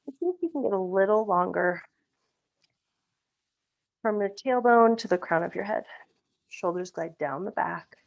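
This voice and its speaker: A woman leading a live-streamed yoga class, calmly cueing breaths and poses, a little out of breath, heard over a video call. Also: medium pitch, moderate pace, gravelly, long pauses, lo-fi sound. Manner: calm breath-paced cueing, occasional self-corrections. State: slightly out of breath. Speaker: yoga instructor.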